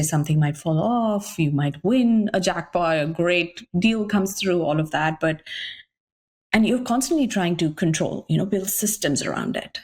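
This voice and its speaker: A pregnant woman from India, a guest on a podcast, telling stories in a lively way and acting out her own past remarks. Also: fairly low pitch, breathy edge. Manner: animated storyteller, often acting out remarks she once made. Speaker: guest entrepreneur. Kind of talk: casual podcast chat.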